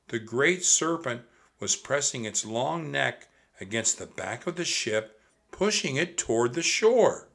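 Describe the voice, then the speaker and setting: A man reading a children's book aloud, expressive and speaking straight to young listeners. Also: mid-range voice, vocal fry. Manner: expressive, addresses kids directly. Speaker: storyteller.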